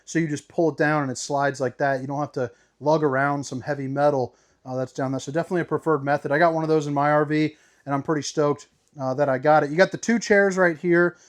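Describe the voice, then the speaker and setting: A man's voice: fairly high pitch, fairly even intonation, fast. A man hosting a casual walkthrough tour inside a travel trailer, upbeat and playful with slangy asides. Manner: upbeat, playful, slangy, calls viewers baby. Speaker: RV tour host.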